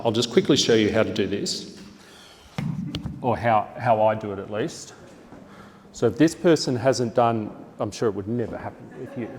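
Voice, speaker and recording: A man's voice: on the low side, in a large hall. Australian man leading a teacher workshop. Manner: lively, acts out teacher lines with a bigger, brighter voice. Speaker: teacher trainer. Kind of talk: classroom workshop talk.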